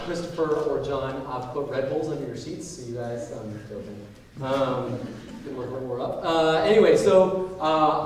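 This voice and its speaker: A man's voice: medium pitch, darkish tone. A young man from Ecuador speaks to an audience in a large university auditorium. He talks in a mid-range voice, conversational and peppered with ums and uhs. The sound is picked up from a distance, with strong echo and a faint hum of the room behind it. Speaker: guest speaker. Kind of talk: public lecture. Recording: echoey auditorium from far off.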